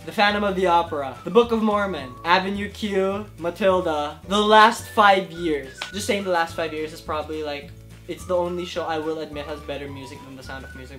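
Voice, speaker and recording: A man in his twenties answering viewer questions to camera, excitable and gushing, with faint music behind. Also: fairly high pitch. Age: 20s. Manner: excitable, gushing, lively swings in loudness. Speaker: YouTube creator. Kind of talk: casual Q&A vlog to camera. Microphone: camera in front of him.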